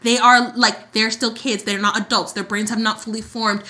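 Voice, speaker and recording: A woman with a fairly high, bright, forceful voice, ranting in casual chat. She co-hosts a soap opera podcast. She acts out quoted lines as she goes. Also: moderate pace. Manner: animated ranting with acted-out quotes. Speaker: podcast co-host.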